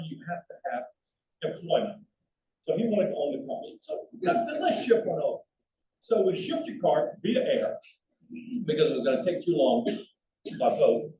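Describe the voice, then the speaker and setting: There's slight background noise behind this older man's somewhat high voice. He tells lively anecdotes in a lecture with slides, repeatedly restarting sentences, recorded from a distance in a roomy, dull hall.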